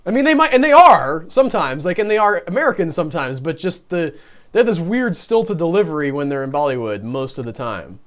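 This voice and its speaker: A man's voice: a little high, very animated, a little fast, a bit bright. Chatty man co-hosting a movie podcast. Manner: chatty and self-deprecating, laughs often. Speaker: podcast co-host. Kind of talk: casual movie review chat.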